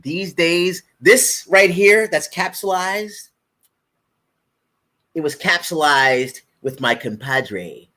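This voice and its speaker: A man's voice: fairly high pitch, slow, sharp tone. A middle-aged man hosting a casual live stream, joking and talking straight to his viewers as folks. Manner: playful, joking, talks directly to viewers as folks.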